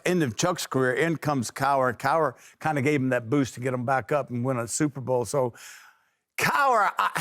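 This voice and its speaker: A man co-hosting a sports talk show, speaking in a rambling, halting way with many restarts. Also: on the high side, a bit bright, no echo, clean studio sound. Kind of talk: casual sports radio talk.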